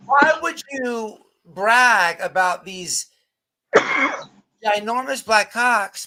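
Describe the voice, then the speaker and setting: Bright high-voiced man hosting a stream. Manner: blunt, profane, stumbling restarts. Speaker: livestream host. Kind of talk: live stream commentary.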